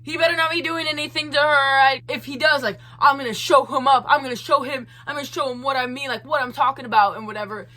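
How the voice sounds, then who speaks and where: A woman's voice: sits high, fairly even intonation, fast talker, few pauses, pushed and bright, pitched above the performer's own voice. A woman mimicking her agitated ex-boyfriend as a hot-headed young man making boastful threats, in a raised voice. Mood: blustering.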